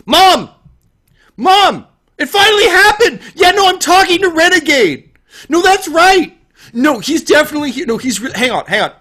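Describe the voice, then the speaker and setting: A shrill fanboy Imperial officer. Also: male voice, moderate pace, exaggerated voice. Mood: thrilled. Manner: high, shrill, excitable, squeaky. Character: nervous fanboy male Imperial officer, fake British.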